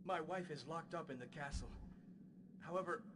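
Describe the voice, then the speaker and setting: A man's voice: fairly high pitch, moderate pace, a crowd in the background, close to an everyday voice. An actor playing a young husband searching for his kidnapped wife in a video game, asking stiff, earnest, urgent questions. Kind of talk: dubbed video game dialogue.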